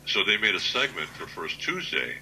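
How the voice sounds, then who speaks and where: A man in his sixties, a guest author, telling plainspoken stories at an unhurried pace in a casual interview. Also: deep voice, sing-song, bright, forceful tone, a little hiss or hum, poor audio. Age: 60s.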